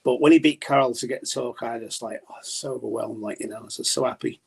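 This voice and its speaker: A man's voice: mid-range voice, fast talker, gravelly, husky. A man as a podcast guest in casual chat, telling stories chattily, swearing and laughing often.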